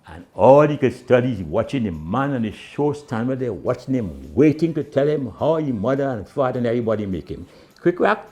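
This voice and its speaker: A man's voice: fairly quick, a little hiss or hum. A man telling comic stories in island dialect, acting out the people in his tales. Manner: animated, swinging pitch, voices the people in his tales. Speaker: storyteller.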